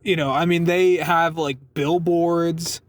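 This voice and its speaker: A man's voice: fairly high pitch, level tone, slow pace, dry recording. Rambling, swearing young man telling a story. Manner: rambling, swears a lot, laughs while telling. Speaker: vlogger telling a work story. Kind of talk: casual storytelling.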